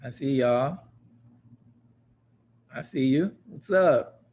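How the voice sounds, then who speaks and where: A man's voice: mid-range voice, slow pace, darkish tone, a little hiss or hum. A young man from Michigan, hosting a livestream and energetically greeting viewers by name and city in a casual style. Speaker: host of a livestreamed talk.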